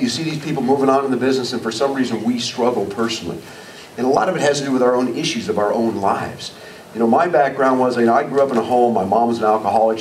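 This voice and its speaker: A man giving a live leadership training talk, telling personal stories and asking the audience questions. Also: mid-range voice. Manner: storytelling, asks audience questions. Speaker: motivational speaker. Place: meeting room with audience. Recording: distant mic in a room, faint noise.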